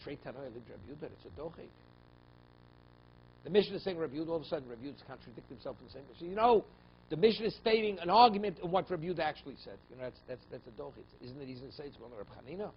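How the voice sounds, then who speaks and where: A rabbi giving a Talmud class, reading Aramaic passages and explaining them in English, often checking with "okay?" and "right?". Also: male voice, on the high side, very fast. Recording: slightly dull, faint room noise.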